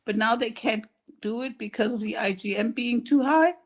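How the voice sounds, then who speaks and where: A woman's voice: on the high side, moderate pace, highs cut off. A woman talking thoughtfully and asking questions, with many fillers, in an online support group. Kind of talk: casual video call chat. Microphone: video call.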